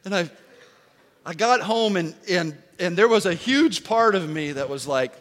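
A man in his forties, a pastor giving a sermon as an animated, joking storyteller. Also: sits high, unhurried. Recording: long hall reverb.

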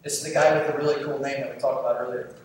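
A male pastor preaching a sermon in a church, lively and conversational, quizzing the congregation as he goes. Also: mid-range voice, rapid-fire. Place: church sanctuary. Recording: echoey hall from far off, faint noise.

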